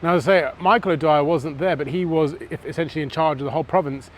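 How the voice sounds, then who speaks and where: A man's voice: fairly high pitch, a little hiss or hum. Man telling history outdoors. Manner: storytelling, conversational, dramatic pauses. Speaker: history presenter. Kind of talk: on-location history talk. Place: outdoors on city streets.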